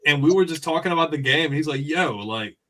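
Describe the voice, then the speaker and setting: A man on a casual podcast, swapping stories and cracking himself up. His voice sits a bit high for a man, and he swears freely as he acts out other people's lines. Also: fast. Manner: animated storyteller, laughs often, swears. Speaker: podcast co-host. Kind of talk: casual chat.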